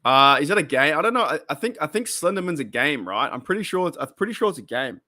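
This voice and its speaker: A man's voice: a little high, very animated, fast, pushed and bright. A man hosting a casual live stream, chatting and reacting to viewer comments, often repeating himself and exclaiming. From Australia. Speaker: podcast host reading live chat.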